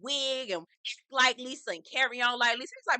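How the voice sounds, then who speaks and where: A sassy woman recapping a reality show. She swears freely and gossips, and she keeps slipping into impressions of the cast. Her voice sits a little high and sounds bright and forceful, recorded close and dry. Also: brisk, no echo. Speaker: reality TV reviewer. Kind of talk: casual episode recap.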